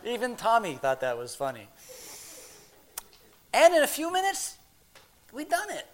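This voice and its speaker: A man playing a gruff, plain-spoken working guy. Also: very high voice, heavily acted. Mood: excited. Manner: rough everyday grammar, halting restarts; swings from hushed murmur to loud excited telling. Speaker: monologue performer. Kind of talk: dramatic first-person monologue.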